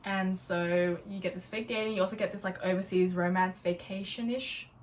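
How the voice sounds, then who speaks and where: A woman's voice: fairly low pitch, steady tone, moderate pace. A young woman chatting casually and bubbly about her new books, with lots of "like" as she talks. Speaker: book vlogger. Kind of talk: casual book haul chat. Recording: a little distant from the mic, faint room noise.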